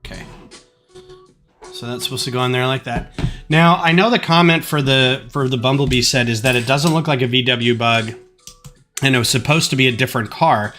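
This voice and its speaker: A man's voice: medium pitch, a little fast, sharp tone. Chatty man rambling on a live stream. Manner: rambling, chatty, many fillers. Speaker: live stream host building a model kit. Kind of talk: casual live stream chat. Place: home. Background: faint music.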